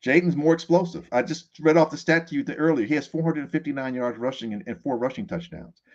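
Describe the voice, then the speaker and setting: A man guesting on a sports talk show, animated and quick to laugh, often restarting his sentences. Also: a little high, lo-fi sound.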